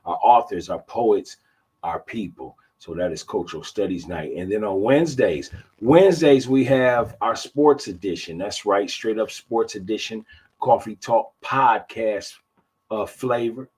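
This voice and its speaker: A fifty-year-old man with a husky, slightly raspy voice hosts a live podcast in casual talk. He speaks with a laid-back drawl. He keeps repeating phrases and talks straight to his listeners as y'all. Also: lowish voice, a little slow, a little mellow. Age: 50s. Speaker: podcast host.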